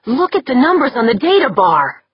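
A woman voicing an excitable, easily startled crew member who yelps out excited outbursts, in a slightly muffled audiobook recording. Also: mid-range voice, normal speed, husky, dry recording, voice pushed up. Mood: alarmed.

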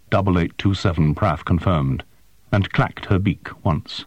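A man narrating a science-fiction story in a measured, expressive way. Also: deep voice, husky, no room sound, lo-fi sound. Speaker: audiobook narrator. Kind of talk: scripted narration.

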